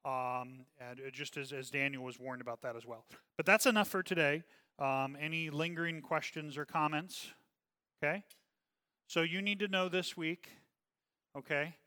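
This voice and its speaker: A man leading a church Bible study, his voice pitched a little high and ringing bright. He talks earnestly and checks in with his listeners again and again. The hall carries a long reverb behind him. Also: moderate pace, smooth. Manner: earnest, repeats "okay?" often.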